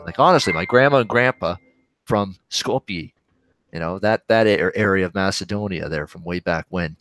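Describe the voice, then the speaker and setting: Soft background music plays under a Canadian man's low, slightly bright voice as he hosts a sports betting livestream at normal speed. He chats loosely and rambles, reading viewer questions and reacting to games in real time.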